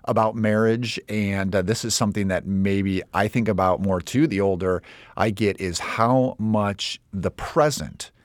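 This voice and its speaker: A man co-hosting a film podcast, speaking thoughtfully and a little haltingly as he discusses a movie. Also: on the low side, no echo, clean studio sound. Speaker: podcast co-host.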